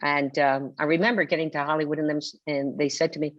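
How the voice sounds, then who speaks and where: Older woman, deep voice, dramatic anecdotes, muffled video call. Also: flat delivery, fast talker, few pauses, no echo. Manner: theatrical storyteller who acts out quotes. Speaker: guest author. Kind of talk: webinar conversation. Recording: dull lo-fi video call audio.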